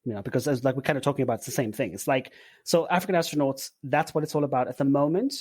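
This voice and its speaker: A man in his forties from Zimbabwe, a podcast guest talking in a relaxed, rambling way with filler words. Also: medium pitch, rapid-fire, breathy edge, no echo. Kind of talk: casual interview chat.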